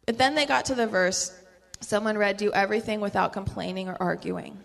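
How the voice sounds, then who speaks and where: A woman's voice: mid-range voice, brisk, vocal fry, in a large hall. A woman telling her personal religious testimony in a fervent, earnest way, full of "like" fillers and small laughs. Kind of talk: personal testimony in casual conversation.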